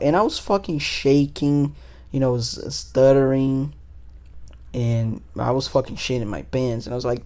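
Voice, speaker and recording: Man, twenties, gravelly, mellow, casual swearing storyteller. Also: medium pitch, a little slow. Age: 20s. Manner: loose, swears a lot, frequent fillers. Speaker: podcast host.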